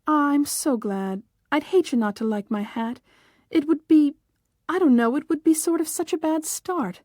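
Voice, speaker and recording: A woman reading the lines of a young newlywed bride who is anxious and quick to feel hurt. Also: high-pitched, darkish tone, dry recording, studio quality, natural voice. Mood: touchy. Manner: fretful, hurt, quick to take offense.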